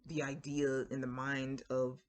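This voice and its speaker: A woman's voice: rumbling low, little pitch movement, unhurried. A woman with a Floridian accent talking casually to camera in a chatty, rambling way, full of fillers and asides. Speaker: writing vlogger.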